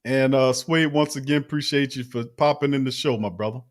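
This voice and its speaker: A man's voice: mid-range voice, fairly quick. A man hosting a casual sports talk show, laid-back and teasing. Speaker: host.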